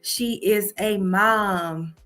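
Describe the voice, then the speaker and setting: A woman hosts a casual livestream in an unhurried, drawn-out way. She chats loosely and keeps calling her viewers y'all. Faint music plays behind her. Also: medium pitch, a bit bright. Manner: chatty, addresses audience as y'all. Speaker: livestream host.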